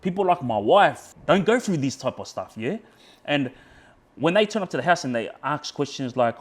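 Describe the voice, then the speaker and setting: A man's voice: fairly high pitch, very animated, normal speed. An Australian man telling a heated personal story in casual chat, swearing often and peppering his talk with "yeah" and "bro". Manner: heated, swears a lot, re-enacts shouting in quotes; frequent fillers like yeah, bro, friggin'.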